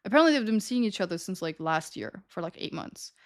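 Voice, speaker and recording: A woman's voice: medium pitch, big pitch swings, fast. A young adult woman streams and tells her chat a story in a loose, casual way. She giggles often and keeps up a chatty, confiding flow.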